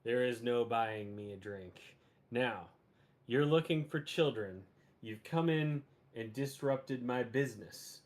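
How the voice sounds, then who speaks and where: Guy doing a grumpy pirate captain, slow and stern, owns the bar. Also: mid-range voice, natural voice. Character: gruff pirate captain, bar owner, menacing.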